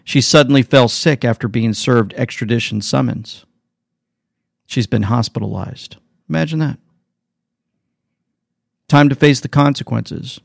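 Male host, chatty and preachy, gravelly tone, dry and close. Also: mid-range voice, measured pace, pauses often, dry recording. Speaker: show host. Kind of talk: casual commentary.

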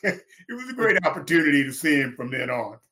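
A man's voice: on the high side, big pitch swings, brisk, pushed and bright. Middle-aged guy from texas, ex linebacker, tells stories big, voice jumps way up on quotes, laughs as he goes. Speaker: guest, former pro football linebacker. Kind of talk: animated storytelling in interview.

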